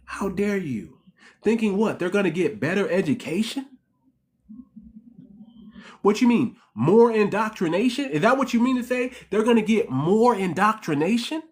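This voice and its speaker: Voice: mid-range voice, lively intonation, moderate pace. Fired-up commentary host speaking to viewers. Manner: heated, repetitive, keeps calling the audience "family"; rhetorical questions, emphatic restarts. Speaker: channel host. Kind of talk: impassioned commentary monologue.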